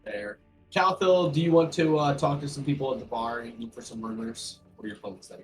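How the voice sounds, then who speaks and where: Relaxed man running a tabletop game. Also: medium pitch, fairly quick, soft background music, low-quality recording. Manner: relaxed, filler-heavy narration. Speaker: game master.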